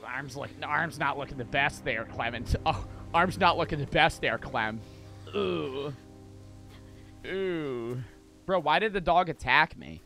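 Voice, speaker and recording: A young man streaming a game, talking to his chat in a casual, profane, excitable way and breaking into repeated shouted outbursts. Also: fairly high pitch, measured pace. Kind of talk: live gameplay commentary. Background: game music.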